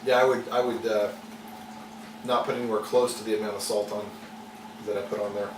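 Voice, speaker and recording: A man's voice: on the low side, brisk. Rambling man in an echoey kitchen. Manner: relaxed and rambling, many fillers and restarts. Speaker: home cooking channel host. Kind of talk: casual cooking vlog. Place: home kitchen. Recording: echoey kitchen, mic at a distance, audible noise.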